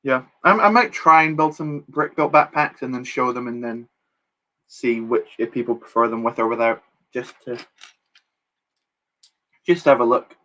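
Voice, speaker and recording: A man's voice: mid-range voice, normal speed, pauses often, bright, forceful tone. A young man chatting casually on a live stream while building, reading chat aloud and joking at his own expense. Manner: chatty, reads chat aloud, self-deprecating jokes.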